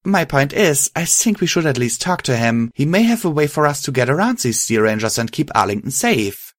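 A man's voice: on the high side, big pitch swings, fairly quick, dry recording, clean studio sound, voice pushed up. A man voicing a determined pony hero who speaks firmly and earnestly.

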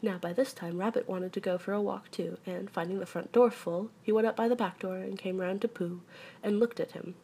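A woman reading a children's storybook aloud in a soft, hushed voice that often drops to a whisper. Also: medium pitch, steady tone, a little fast, slightly rough.

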